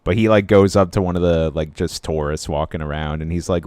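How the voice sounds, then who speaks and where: A man's voice: deep voice, fairly quick, hardly any pauses, clear, resonant tone, dry recording, clean studio sound. A young man co-hosting a podcast in casual, rambling chat, full of "like" fillers. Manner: rambling, filler-heavy, easygoing. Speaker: podcast co-host.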